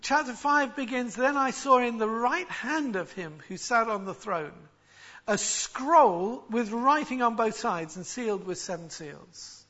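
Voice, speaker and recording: A man preaching with a very high, bright and forceful voice. He explains his text emphatically and often restarts words mid-phrase. The recording sounds a little dull and lo-fi. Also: measured pace. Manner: expository, emphatic, with frequent restarts. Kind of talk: sermon.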